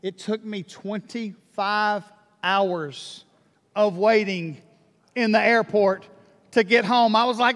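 Man, high voice, pastor preaching, animated, long church hall reverb. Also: a little slow. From Alabama. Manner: animated, repeats words, acts out prayers. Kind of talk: sermon. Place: church sanctuary.

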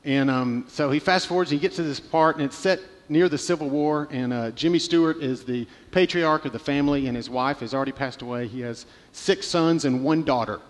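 Male pastor, thirties, slightly high voice, stop-start storytelling, preaching in a reverberant church hall. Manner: halting storytelling with many restarts. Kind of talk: sermon.

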